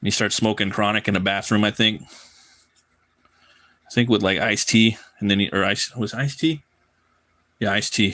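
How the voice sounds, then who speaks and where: A man with a lowish voice talks casually through a live drawing stream. He rambles freely, swears easily and stumbles over repeated words. The delivery is loose and unscripted. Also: pushed and bright. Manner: loose, profane, rambling with frequent word repeats. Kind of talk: casual chat while drawing.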